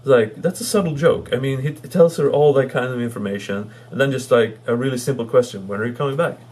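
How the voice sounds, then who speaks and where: A man giving a casual spoken review of a favorite comedy film, halting and full of fillers and restarts, amused and chuckling as he recounts the jokes. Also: mid-range voice, a little mellow. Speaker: movie reviewer.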